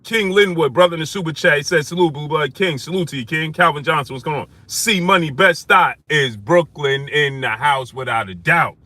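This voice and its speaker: A man hosting a live stream, shouting out viewers by name and repeating phrases for emphasis as he rises to heated outrage. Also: fairly high pitch, normal speed, few pauses, dry recording.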